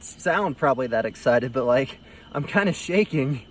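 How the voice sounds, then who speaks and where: A man's voice: mid-range voice, lively intonation, moderate pace, slight background noise. A man casually narrating as he finds snakes on a rural road at night, chatty and easygoing. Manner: easygoing, chatty, fond of the animals. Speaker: field herping vlogger.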